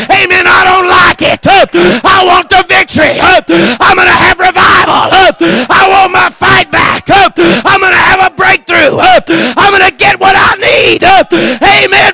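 A man preaching a revival sermon in a church, shouting in a rhythmic cadence punctuated by amens. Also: very high voice, vocal fry.

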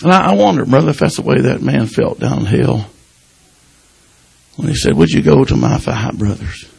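A man preaching an informal sermon, folksy and personal, punctuating his stories with hallelujahs and dropping to a hushed voice at times. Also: mid-range voice, animated, moderate pace, poor audio. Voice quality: gravelly, husky. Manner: folksy, breaks in with hallelujahs, swings from loud to hushed.

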